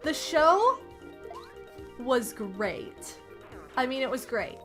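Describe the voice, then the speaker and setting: A young adult woman streamer ranting to her chat in an exasperated, animated way, swinging between loud outbursts and muttered asides. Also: high-pitched, drawn-out words, over music.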